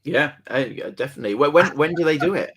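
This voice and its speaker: A man's voice: a little high, expressive, quick pace, fairly bright tone, slightly rough. A man from England, a guest in a casual hobby chat, easygoing and hesitant, with frequent ums and laughs.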